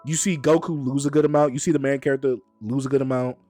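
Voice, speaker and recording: A man hosting a stream in casual chat, animated and teasing, quick to argue his point. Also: medium pitch, soft background music. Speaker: streamer host.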